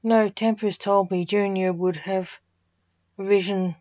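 A woman's voice: medium pitch, fairly even intonation, a little slow, dark tone, dry recording, lo-fi sound, natural voice. A woman voicing Blake, a male detective and father, in an earnest, slightly raised voice while reading a story aloud. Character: male detective with seeing powers, calm father.

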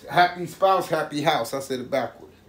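A man's voice: on the high side, moderate pace. A man, casually showing his home cooking and talking to viewers as "y'all". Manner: laid-back, talks to viewers as "y'all". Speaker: home cook vlogger. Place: home kitchen. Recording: roomy kitchen with faint background ambience.

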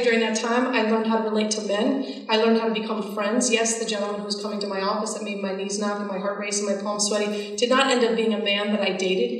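A woman tells her own story in an earnest, storytelling way, acting out the lines she quotes. She sits at an ordinary middle pitch. The sound is distant and washed in the long reverb of a large hall. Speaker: speaker giving a faith testimony. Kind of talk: personal testimony talk. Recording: echoey hall from far off.

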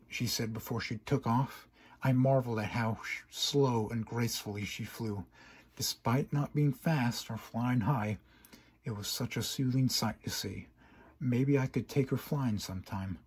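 A man's voice: mid-range voice, a little slow, slightly rough. Man narrating a first-person fan story. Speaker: story reader.

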